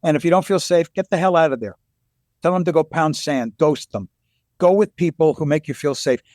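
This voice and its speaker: A high-voiced man speaks as a guest in a casual interview, animated and quick to joke. He is blunt and playful and cracks himself up. The sound is close and dry. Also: no echo. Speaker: guest author.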